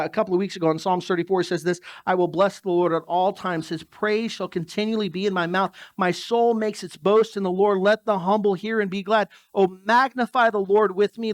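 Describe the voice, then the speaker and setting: A man's voice: sits high, dry recording, studio quality. A man preaching a sermon in a church, talking in a conversational way and turning to the congregation with asides. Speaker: pastor.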